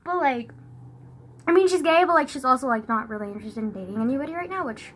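A young woman telling a story on her phone, animated and sweary, sighing and laughing and saying "like" all the time. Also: fast, a little hiss or hum. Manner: animated, says "like" constantly, sighs and laughs; swears freely, swings from loud outbursts to low mutters. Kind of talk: casual storytime vlog.

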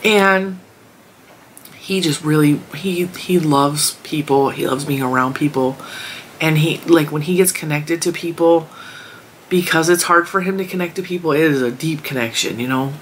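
A woman's voice: sits low, moderate pace, slight background noise. A woman vlogger rambling casually about her week and her crochet projects. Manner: chatty, rambling storytelling. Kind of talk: casual chat.

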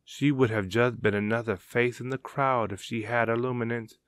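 A man narrating a dramatic story in a measured, unhurried way. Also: medium pitch, fairly even intonation, no room sound. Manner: slow and measured, gravelly.

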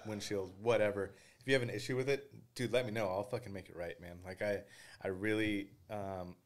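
A man's voice: fairly low pitch, brisk. A man as a podcast guest in casual chat, swearing freely and acting out quotes as he tells stories. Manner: profane, animated storytelling with acted-out quotes.

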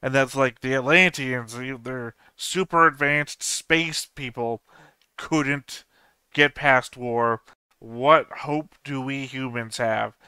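A man's voice: mid-range voice, steady tone, slow pace, bright, forceful tone, clean tone, no room sound. A man hosting an anime reaction channel, thinking aloud as he puzzles over the plot in casual solo commentary.

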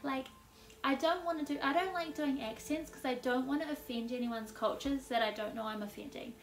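A woman with a high voice talks a little fast as she gives a casual, intuitive tarot reading, chatting away, laughing a lot, and leaning heavily on "like." She's recorded from a distance in an echoey room.

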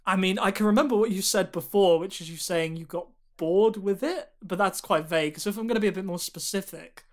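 A man's voice: high voice, fairly quick. Hesitant man reasoning aloud. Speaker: podcast co-host. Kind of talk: casual podcast chat.

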